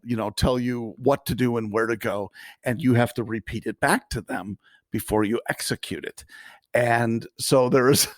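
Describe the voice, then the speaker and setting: A man's voice: medium pitch, dry recording. A man with a mid-range voice chats on a podcast. He talks loosely, laughs often and lets his thoughts trail off. The recording is dry and close. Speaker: podcast co-host. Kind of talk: casual chat.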